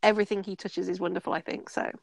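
A woman chatting casually as a podcast co-host, full of enthusiasm and quick to laugh. Her voice sits in an everyday middle register. The recording is close and dry. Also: medium pitch, level tone, gravelly, no room sound. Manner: enthusiastic, playful, laughs often. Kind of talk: casual chat.

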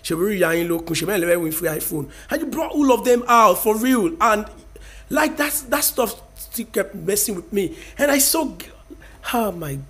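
High-voiced Nigerian vlogger in his thirties, lecturing viewers with emphatic, preachy energy. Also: expressive, measured pace, fairly bright tone. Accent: Nigerian, Yoruba-speaking. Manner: emphatic, preachy, mixes in Yoruba. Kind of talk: casual opinion rant to camera.

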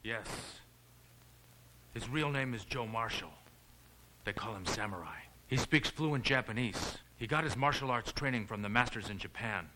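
An actor playing a cold gang henchman who delivers threats flatly in an action film. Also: mid-range voice, normal speed, background noise, natural voice. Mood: menacing.

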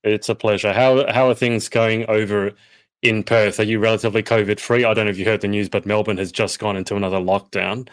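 A man's voice: on the low side, level tone, fast talker. A man hosting a casual interview podcast, chatty and rambling, often restarting his sentences. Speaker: podcast host.

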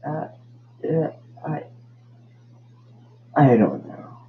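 A man's voice: on the high side, lively intonation, extremely slow, phone-quality sound, slight background noise. A man hosting a casual solo podcast, rambling and tripping over his words. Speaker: podcast host.

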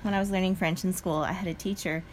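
A young adult woman co-hosting a podcast in casual chat, telling stories in an animated way and laughing often. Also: on the low side, quick pace, a little hiss or hum. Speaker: podcast co-host.

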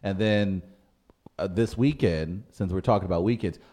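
A man co-hosting a casual podcast chat, lively and quick to mimic people in put-on voices. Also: deep voice. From St. Louis area. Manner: lively, jumps into exaggerated put-on voices for quotes. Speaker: podcast co-host.

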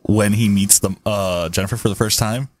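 A man co-hosting a casual movie podcast, retelling scenes in a quick, excitable way. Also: fairly low pitch. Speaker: podcast co-host.

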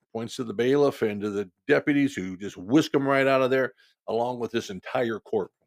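A man's voice: medium pitch, a little fast, vocal fry, no echo, studio quality. A man with a cold, telling a personal story in a rambling, folksy way as a podcast host. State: has a cold. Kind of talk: casual storytelling.

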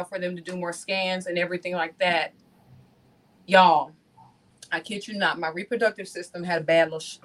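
A woman telling her own story on a video call from home, animated and addressing her listeners as y'all. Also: fairly low pitch, poor audio. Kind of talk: casual testimony to an online audience.

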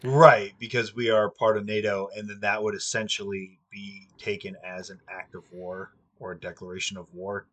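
A man's voice: lowish voice, flat delivery, normal speed, hardly any pauses, a bit bright. A young man in casual chat, rambling and swearing freely, with plenty of ums. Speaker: podcast co-host.

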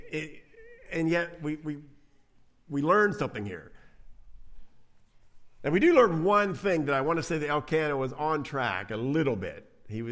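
Male pastor, sermon, animated and conversational, lively swings in pitch.

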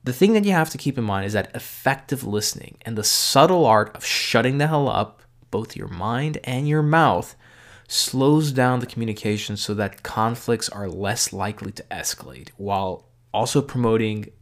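In a casual talk, a man offers communication tips as a numbered list, emphasizing the key ones. He sounds conversational and loose, with frequent "you know" and fast self-corrections, in a voice of ordinary middle pitch.

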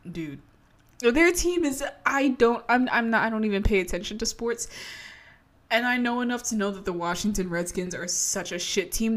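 A woman's voice: medium pitch, fairly bright tone. A woman in her twenties from Maryland, chatting casually to camera in a rambling, profane way and laughing often. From Maryland, USA. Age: 20s. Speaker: vlogger.

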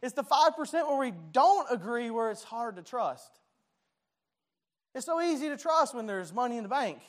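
High-voiced preacher man. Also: very animated, moderate pace. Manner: conversational, self-deprecating, stumbling restarts. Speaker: pastor. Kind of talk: sermon.

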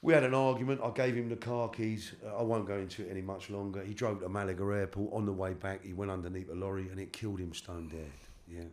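A middle-aged London man with a very deep voice, telling his life story as an interview guest. He speaks haltingly and often stops to repeat his words. His talk is loose and full of street slang. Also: little pitch movement, darkish tone. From London, England.

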